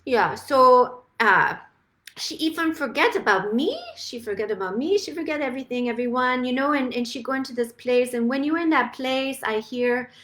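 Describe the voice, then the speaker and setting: A woman speaking as her gentle female cosmic twin spirit, telling a story in soft, broken, simple English with a sympathetic, chatty manner. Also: sits high, moderate pace. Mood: tender storytelling. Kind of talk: channeled spirit talk.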